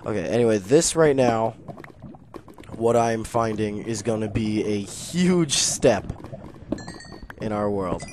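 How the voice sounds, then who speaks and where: A young man commentating his own game as a gaming channel host, nervous and excitable, muttering quietly, then bursting into loud exclamations. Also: on the low side, takes it slowly, pauses often, a little hiss or hum. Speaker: gaming YouTuber. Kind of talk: let's play commentary.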